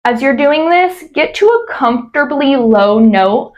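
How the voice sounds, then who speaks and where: A woman coaching vocal exercises, explaining clearly and demonstrating glides. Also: high voice, animated, measured pace, a little mellow. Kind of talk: instructional voice exercise lesson.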